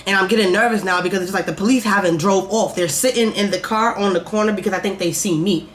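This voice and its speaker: A woman's voice: medium pitch, fast talker, a little hiss or hum. A woman vlogger telling a story in a candid, profane, rambling way, full of fillers. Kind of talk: casual storytime.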